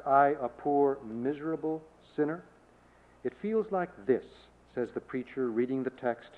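A man preaches a measured sermon, his voice set a little high for a man. The sound is thin and tinny, like a phone line. He swells into emphatic declarations when he quotes scripture.

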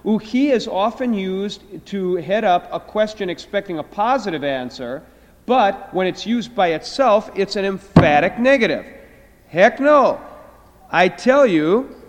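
A middle-aged man teaching a Greek class, explaining slowly and drawing out words. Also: sits high, lively intonation. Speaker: Greek professor. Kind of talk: classroom lecture. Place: lecture hall. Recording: hall reverb.

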